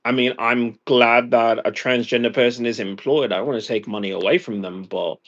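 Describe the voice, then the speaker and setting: A man's voice: mid-range voice, fairly bright tone, muffled recording. An exhausted American man venting angrily in a profane monologue. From United States. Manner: angry, profane rant. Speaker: vlogger.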